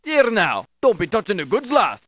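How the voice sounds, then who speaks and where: A high, blustery Irish desk sergeant. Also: male voice, huge pitch swings, moderate pace, fairly bright tone, heavily acted. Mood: gruff. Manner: dismissive, blustery brogue. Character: gruff Irish desk sergeant, brusque and impatient. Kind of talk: 1990s adventure game voice acting.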